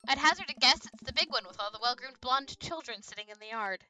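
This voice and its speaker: A woman's voice: fairly high pitch, lively intonation, fast, pushed and bright, rough recording. A woman voicing a dry, teasing teenage daughter while reading game dialogue aloud.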